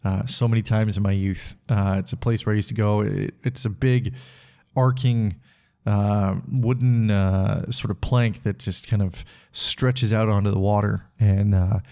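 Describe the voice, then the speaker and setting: A Canadian man hosts a reflective solo podcast in a mellow, steady voice that sits on the low side and moves a little slowly. He rambles through stories, laughing as he goes and using lots of filler words.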